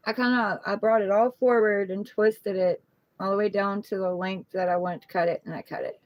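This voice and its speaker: Speaking a little fast at medium pitch, a middle-aged woman livestreams a casual tarot session from her phone at home. She is chatty and at ease, cooing affectionately to her pet, and the recording is dry and low quality.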